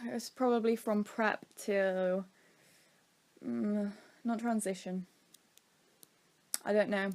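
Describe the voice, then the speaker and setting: A woman's voice: medium pitch, steady tone, slow, long pauses, darkish tone. A young British woman casually telling a rambling story time, acting out quotes from her childhood. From Britain. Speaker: vlogger.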